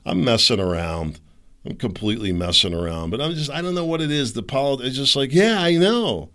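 A man's voice: medium pitch, fairly quick, sharp tone. A middle-aged man hosting a solo podcast, rambling and opinionated, with sarcastic asides. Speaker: podcast host.

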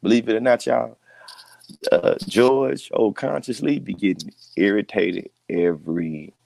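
Young guy with a real deep gravelly voice, laid back, slangy, just chatting on a podcast. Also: fairly even intonation, unhurried, darkish tone, no echo, rough recording. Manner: laid-back storytelling, heavy slang and repeated "you know what I'm saying". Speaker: podcast co-host. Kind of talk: casual chat.

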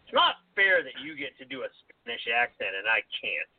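A man's voice: mid-range voice, wildly swooping pitch, normal speed, creaky. A man co-hosting a podcast in casual chat, laughing often and restarting his sentences. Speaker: podcast co-host. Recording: tinny phone-like dry sound.

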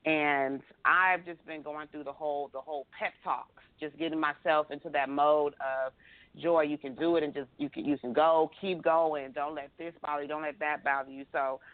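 A woman's voice: sits low, no echo. A woman hosting a radio talk show, chatting casually and often repeating her words. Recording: phone-like narrow sound.

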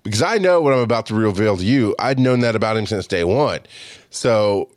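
A man's voice: fairly low pitch, fairly quick, no room sound, studio quality. A man in his forties telling a casual, profane story about his friends as a podcast host, acting out their lines. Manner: profane, animated, acts out quotes of friends.

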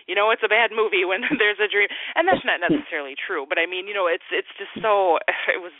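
A woman's voice: medium pitch, quick pace, no room sound. A woman chatting casually as a podcast guest, laughing often. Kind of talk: casual chat. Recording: tinny phone-line audio.

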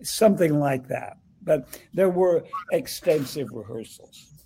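A man's voice: a little high, expressive, gravelly, mellow, a little hiss or hum, poor audio. An older man being interviewed as a guest actor, telling a story in a rambling way full of restarts. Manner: rambling, halting recollection with many restarts. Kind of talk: conversational interview.

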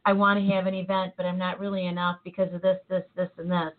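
Chatty woman cohost, lively and laughy, sounds like a thin phone line. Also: on the low side, quick pace. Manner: animated, laughs often, trails off mid-thought. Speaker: co-host. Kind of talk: casual motivational chat.

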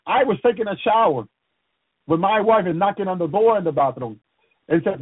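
A male minister with a husky, high voice preaches a testimony, halting, repeating words and restarting, and saying "praise the Lord" every few phrases. He sounds expressive. The recording is dry and tinny like a phone, with no room sound.

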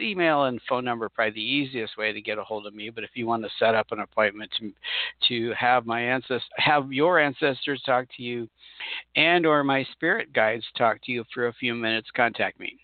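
A man's voice: medium pitch, dry recording. A middle-aged man hosting a podcast, talking casually in a rambling, chatty way that often corrects itself. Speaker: podcast host and spirit channeler. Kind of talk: casual solo podcast monologue. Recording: tinny phone-like sound.

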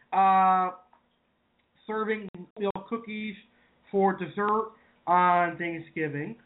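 A man from Massachusetts, hosting a casual online cooking show and chatting to viewers as "folks". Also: sits high. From Massachusetts, New England. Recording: tinny phone-like audio.

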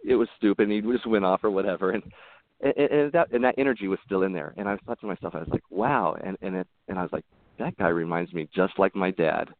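A man's voice: low voice, quick pace, no echo. A man talking as a podcast guest, telling personal stories in a rambling, earnest way with frequent restarts. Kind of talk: casual interview storytelling. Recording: tinny phone-like line, dry.

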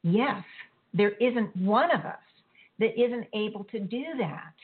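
A woman's voice: mid-range voice, slow pace. A woman hosting a spiritual talk show, speaking earnestly in a rambling way that circles back and corrects itself. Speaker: host. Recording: tinny phone-like line.

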